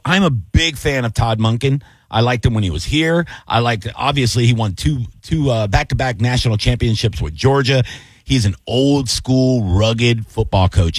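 Animated man hosting sports radio. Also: medium pitch, dry recording. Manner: animated, excitable, says "dude" and "buddy". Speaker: radio show host. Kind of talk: casual sports radio chat.

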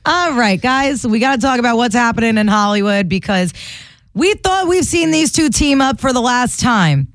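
A woman's voice: on the high side, animated, moderate pace, dry recording. A woman co-hosting a morning radio show, chatting casually and gossiping with a laugh. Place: radio studio.

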